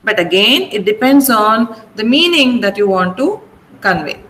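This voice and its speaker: Indian English woman, teacher, slow drilling delivery, echoey room. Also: fairly high pitch, very animated, fairly bright tone. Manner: slow, drills words syllable by syllable, checks with "okay?". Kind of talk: online vocabulary and pronunciation lesson. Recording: echoey room, faint ambient noise.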